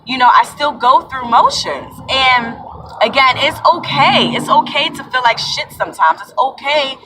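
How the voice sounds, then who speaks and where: A woman's voice: sits high, moderate pace, far from the mic, over music, rough recording. A young adult woman giving an earnest, rambling spiritual talk to her viewers, calling them y'all and sis. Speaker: spiritual vlogger. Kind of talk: casual spiritual talk to camera.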